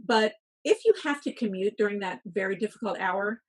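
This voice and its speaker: A woman's voice: medium pitch, a little fast. A middle-aged woman, a workplace wellness speaker, giving advice and telling stories as a guest in a podcast interview. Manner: storytelling, coaching tone.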